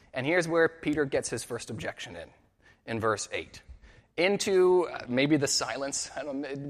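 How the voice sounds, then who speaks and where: A man pastor preaching a sermon with earnest intensity, dropping quiet and rising for emphasis. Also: fairly high pitch, in a large hall.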